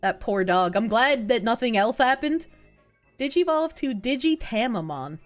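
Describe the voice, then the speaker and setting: Young woman streamer, swoopy animated delivery, crude and jokey, faint game music under her. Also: fairly high pitch, normal speed. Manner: casual, profane, joking with chat. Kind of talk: live game stream chat.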